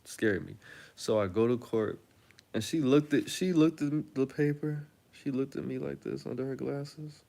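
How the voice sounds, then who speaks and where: A man's voice: medium pitch, measured pace, gravelly. Young man animatedly retelling a story. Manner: animated, slangy, dramatic retelling. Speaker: storytelling video host. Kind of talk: casual story time.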